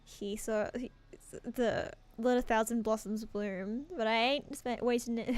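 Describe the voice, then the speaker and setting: A woman's voice: fairly high pitch, fairly even intonation, unhurried, darkish tone. A woman hosting a livestreamed tabletop game, chatting casually, laughing often and swearing freely. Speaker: stream host and game master.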